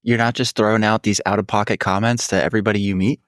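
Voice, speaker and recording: Co-host, man, fairly low voice, dry sound, playful ribbing. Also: steady tone, fast talker, fairly bright tone, no room sound. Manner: teasing and joking. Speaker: podcast co-host. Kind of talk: casual chat.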